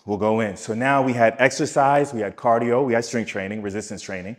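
A man's voice: mid-range voice, fairly even intonation, brisk, hardly any pauses. A man talking as a wellness coach on a podcast, emphatic, repeating his key points and speaking straight to the listener. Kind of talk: podcast teaching talk.

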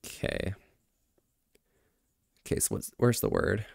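A man's voice: slow, no room sound, studio quality. A man streaming casually, answering chat, laughing often and trying out phrases in other languages with self-deprecating humor.

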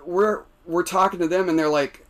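Man, american, lively storyteller, slightly high voice, laughs often. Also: moderate pace. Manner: animated, laughing storyteller with many restarts. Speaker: podcast guest. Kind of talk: casual storytelling.

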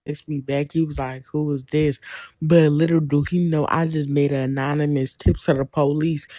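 A man calls into a live stream and tells a story in a laid-back, gossipy way. His voice is mellow and warm, and the recording sounds dry and close. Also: on the high side, level tone, normal speed, dry recording. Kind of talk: casual live-stream chat.

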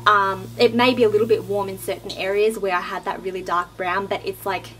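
An Australian woman in her twenties chats excitably to her camera, her voice sitting at a middle pitch. She fills her talk with "like" and rushes between thoughts. A faint hiss of noise runs under the recording. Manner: chatty, lots of "like" fillers, excitable. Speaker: beauty vlogger. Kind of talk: casual vlog chat. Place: in a car, then indoors at home.

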